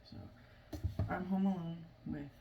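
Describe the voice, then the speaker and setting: A young adult woman telling a family story in a casual, halting way, with many fillers and restarts. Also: fairly low pitch, steady tone, muffled recording. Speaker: family vlogger. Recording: noisy room, mic at a distance.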